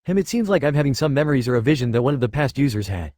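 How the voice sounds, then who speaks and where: A man reading the lines of a blunt, profane young swordsman hero in a flat, quick storybook voice. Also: mid-range voice, no echo, clean studio sound, natural voice.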